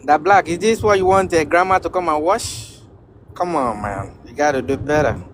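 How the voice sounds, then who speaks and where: A man's voice: a little high, moderate pace, slight background noise. A man on a debate panel, insistent and lecturing as he presses others.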